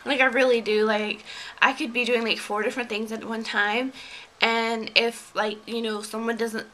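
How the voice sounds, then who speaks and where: A woman's voice: a little high, little pitch movement, moderate pace, pushed and bright, poor audio. A young woman from Georgia chatting casually in a vlog, rambling with lots of fillers and little laughs. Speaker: beauty vlogger. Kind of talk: casual tag video chat.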